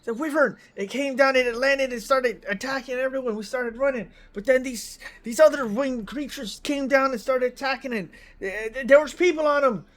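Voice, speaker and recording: A man's voice: very high voice, fairly bright tone, pitched above the performer's own voice. A man doing a stammering frightened captive. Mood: pleading. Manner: stammering, rushed pleading. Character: frightened young male captive pleading.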